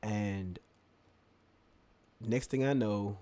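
Animated man telling a funny story. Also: lowish voice, extremely slow. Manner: animated storyteller, laughs often, acts out quotes. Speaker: podcast co-host. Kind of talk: casual storytelling chat.

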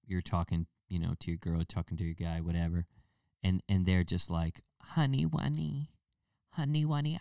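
A man's voice: low voice, warm tone, clean tone, no room sound, clean studio sound, recorded from a distance. A man hosting a casual solo podcast, rambling with restarts and fillers and now and then mocking people in a put-on baby voice. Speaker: podcast host.

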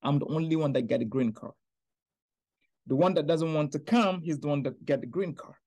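A man from Niger, a podcast guest telling his personal faith story in an earnest, animated way. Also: fairly high pitch, fairly quick. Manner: earnest, animated storyteller who acts out quoted voices.

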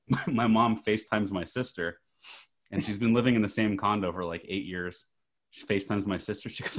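A middle-aged man co-hosting a podcast, chatting casually and laughing often while telling family anecdotes. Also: fairly low pitch. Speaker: podcast co-host. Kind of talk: casual chat.

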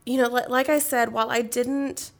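A young woman as an interview guest, speaking earnestly and emotionally about loss and reading scripture slowly and solemnly. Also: a little high, fairly even intonation, creaky. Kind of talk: heartfelt personal testimony.

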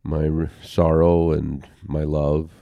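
An older man telling a personal story as an interview guest, halting and heartfelt, with pauses and restarts. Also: extremely low pitch, level tone, vocal fry, mellow, dry recording, dull audio.

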